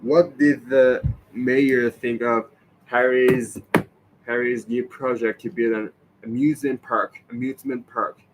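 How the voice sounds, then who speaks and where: A man practicing English pronunciation aloud, slowly repeating and correcting words. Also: medium pitch, level tone, slight background noise, poor audio.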